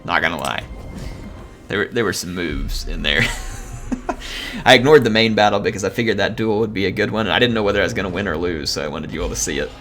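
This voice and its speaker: Bright, lively male game streamer. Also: sits low, fast talker, faint music behind. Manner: chatty, excitable, thanks viewers. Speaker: gaming streamer. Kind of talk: live gameplay commentary.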